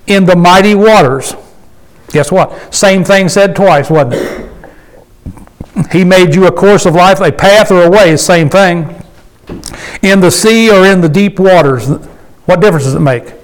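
A man with a high voice preaches in a loose, conversational way to a small gathering. He is folksy and emphatic and keeps asking the congregation questions. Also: low-quality recording. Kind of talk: conversational sermon with call and response.

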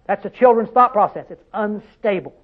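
Man, preacher, very high voice, folksy rhetorical sermon, tinny phone-like recording. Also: normal speed. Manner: folksy, rhetorical questions, dialect grammar.

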